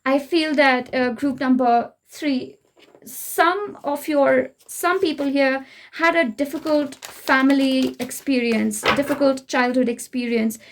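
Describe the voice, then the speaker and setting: A young Indian woman with an Indian English accent, giving a gentle, reassuring spiritual tarot reading straight to the listener. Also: high-pitched, slow pace, slight background noise. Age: young adult. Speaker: tarot reader.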